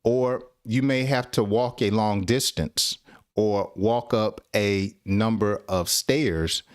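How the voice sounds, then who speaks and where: A man with a fairly low voice teaching English phrases at an unhurried, deliberate pace. He laughs often and acts out short example dialogues, and the recording is dry and close. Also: clean tone, no echo. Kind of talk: English lesson live stream.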